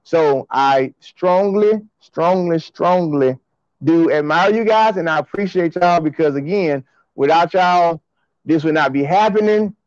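A man hosting a track and field show, talking to his fans in an excited, slangy, repetitive way on a livestream. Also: on the high side, unhurried, no echo, muffled recording. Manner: hyped, hollering, slangy and repetitive.

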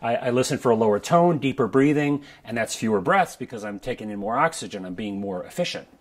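Man coaching breathing, chatty and relaxed. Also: medium pitch, quick pace. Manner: relaxed, conversational, checks in with "right?". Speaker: trombone coach. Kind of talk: instructional video talk. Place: his studio.

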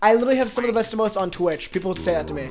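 A man streaming a game live, chatting with viewers, excitable and quick to laugh. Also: sits high. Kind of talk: live gaming stream chat.

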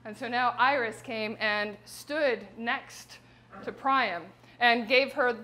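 A woman performer narrates an ancient epic in loose, modern, irreverent language, tossing in asides to her listeners. Her voice sits a little high and her delivery stays conversational rather than grand. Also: takes it slowly, sharp tone. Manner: irreverent, casual, with slang and asides. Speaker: performer-translator. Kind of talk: casual live retelling of an epic.

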